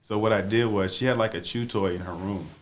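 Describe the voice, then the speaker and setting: A man's voice: on the low side, fairly even intonation, fairly quick. A young man on a podcast casually telling a profane, playful story, laughing as he goes.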